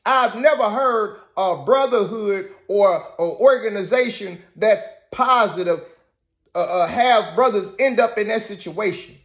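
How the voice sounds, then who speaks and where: A man's voice: high-pitched, a little slow. A man giving reaction commentary, scolding and emphatic, repeating his points. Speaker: commentary host.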